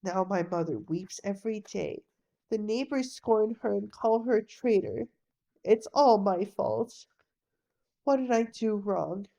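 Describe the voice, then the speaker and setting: A hushed, gentle teenage boy, earnest and dutiful, as a woman reads him. His slow, mellow lines stay soft and low in level. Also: expressive, creaky. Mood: sad, soft. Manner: quiet and soft-spoken.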